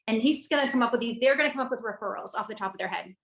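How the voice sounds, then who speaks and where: A woman's voice: on the high side, racing, creaky, fairly bright tone, roomy sound, poor audio. A woman guest speaker giving sales coaching, enthusiastic and conversational as she walks through her script.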